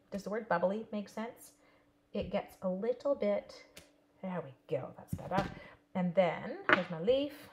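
A woman's voice: medium pitch, a little hiss or hum. A woman teaching a live card-stamping class in a casual, chatty way, talking to her viewers by name. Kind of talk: casual live craft demo.

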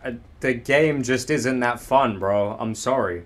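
A man's voice: mid-range voice, a little slow. Swearing young male gamer streamer. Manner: joking and swearing, yelling during fights. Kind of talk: casual gaming chat.

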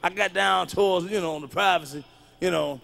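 High-pitched man doing loud stand-up. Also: moderate pace, gravelly. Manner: loud, profane, punchy delivery that jumps between muttering and yelling. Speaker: stand-up comedian. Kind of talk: live stand-up storytelling.

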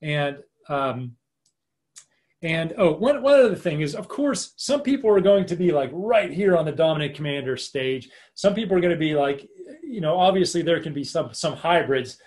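A man coaching a live online leadership workshop over a video call, in a chatty, informal way, acting out quick example lines. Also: fairly high pitch, animated, darkish tone.

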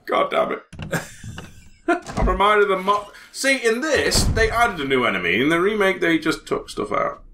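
A man's voice: sits high, sing-song, moderate pace, noisy background. A man co-hosting a casual gameplay video, swearing and joking as he plays. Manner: swearing, joking, slips into silly accents. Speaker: let's play co-host.

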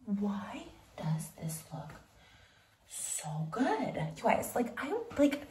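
In a casual vlog, a woman speaks slowly at medium pitch with big pitch swings, sounding breathless and giggly. She's chatty and whispers asides. The audio is roomy, distant, and noisy, with echo from the room and a far-off mic.

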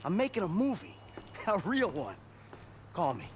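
An eager young man speaking in an upbeat way. His voice is high and lively in pitch. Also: measured pace, a little hiss or hum, heavily acted.

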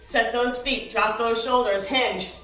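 A woman fitness instructor coaching a live workout, out of breath, cueing moves and counts with energetic encouragement. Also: on the high side, unhurried, heavy reverb, recorded from a distance, faint music behind, low-quality recording.

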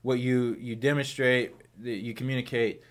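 A man's voice: medium pitch, flat delivery, normal speed. A man talking as a podcast guest in casual chat, thoughtful and rambling, often restarting his sentences.

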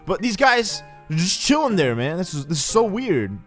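A man's voice: high voice, sing-song, moderate pace, soft background music. A man rambling through casual, joking gameplay commentary as he hosts a let's play.

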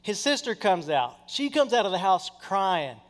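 A man preaching a sermon, telling a story in a lively way and acting out the people in it. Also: sits high, moderate pace. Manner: animated, acts out quoted people in his stories. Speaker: pastor. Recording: long hall reverb.

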